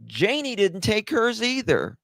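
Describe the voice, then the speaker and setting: A man's voice: high voice, wildly swooping pitch, unhurried, vocal fry, fairly bright tone, dry recording, studio quality. A man giving angry, profane, sarcastic commentary on case documents as a true crime host.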